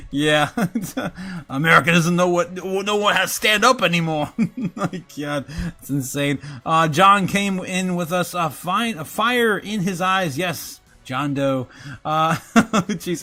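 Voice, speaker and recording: Chatty male stream host, bright and a bit high, laughs a lot. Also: takes it slowly. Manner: giggly, filler-heavy, reads chat aloud. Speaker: livestream host. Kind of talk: casual livestream chat.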